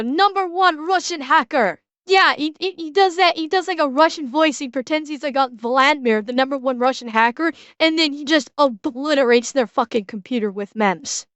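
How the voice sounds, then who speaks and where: A woman streamer chatting casually as she reacts to a video, halting and repeating her words as she hunts for them, swearing freely. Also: high voice, a bit bright, no echo.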